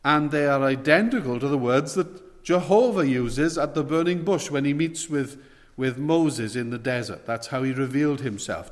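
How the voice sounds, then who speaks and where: A male preacher delivering a sermon, his voice swelling on key words and dropping low between them. The sound carries a long reverb, like a large hall. His pitch sits in a middle range. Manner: emphatic, rising and falling dynamics.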